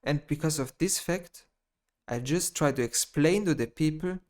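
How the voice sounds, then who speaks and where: A man's voice: a little high, moderate pace. Ranting man in non-native English. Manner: swings between muttering and loud outbursts; blunt, heavy swearing, repeats phrases. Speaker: gaming YouTuber. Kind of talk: rambling ranting vlog monologue.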